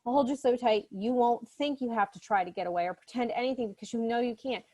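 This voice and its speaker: A woman voicing a smooth-talking young male stalker. She reads his lines in a calm, insistent, coaxing way, close to her own speaking voice. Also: on the high side, fast talker, lightly acted. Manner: coaxing, insistent, calmly threatening.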